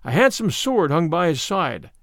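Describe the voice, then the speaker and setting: Expressive male storyteller, lively tone. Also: a little high, moderate pace, gravelly, dry recording, clean studio sound. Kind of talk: storybook read-aloud.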